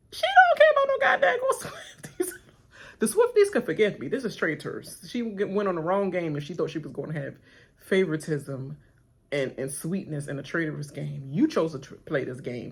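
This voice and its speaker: A woman's voice: lowish voice, slightly rough. A woman hosting a reality TV reaction stream, animatedly retelling the episode and acting out the cast members' lines with laughter. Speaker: reaction channel host. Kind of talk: live-watch reality TV rant.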